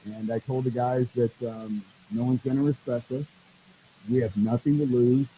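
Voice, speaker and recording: A man, a head baseball coach guest on a podcast, telling stories in a lively way and acting out what people said. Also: medium pitch, normal speed, a little hiss or hum, poor audio. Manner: animated storyteller, acts out quoted dialogue. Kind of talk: casual podcast storytelling.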